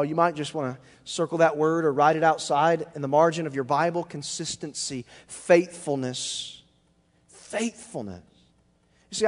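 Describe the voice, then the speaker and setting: A male pastor preaching a sermon emphatically, rising to near-shouts and then dropping low. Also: in a large hall.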